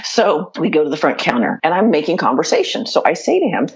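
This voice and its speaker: A middle-aged woman chatting casually, telling an animated story with laughter and quoting her own thoughts. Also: deep voice, fast talker, husky, highs cut off. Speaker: storyteller guest.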